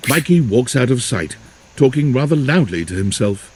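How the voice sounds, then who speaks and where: A husky, mellow game narrator. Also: male voice, medium pitch, big pitch swings, moderate pace, soft background music. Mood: calm. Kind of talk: scripted narration.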